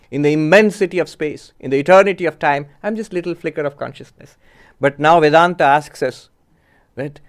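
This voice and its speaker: Man, Vedanta teacher, slightly high voice, asks rhetorical questions. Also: clean tone. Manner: measured and explanatory, posing rhetorical questions. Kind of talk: spiritual discourse.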